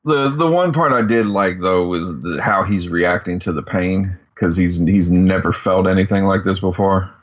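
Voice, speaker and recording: A man's voice: low voice, normal speed, few pauses, muffled recording. A man co-hosting a podcast, chiming in with short, dry comments about a film. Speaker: podcast co-host. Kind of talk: casual movie chat.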